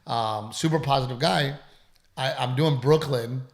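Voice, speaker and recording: A man with a gravelly, creaky voice tells a story in a casual podcast chat. His delivery is emphatic, and he swears freely. He sounds congested, as if he is recovering from being sick. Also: mid-range voice, measured pace. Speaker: comedian.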